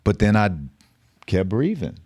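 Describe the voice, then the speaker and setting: Deep-voiced streetwise storyteller man. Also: big pitch swings, measured pace, darkish tone, no room sound. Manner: profane, streetwise slang. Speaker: podcast guest. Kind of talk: casual storytelling.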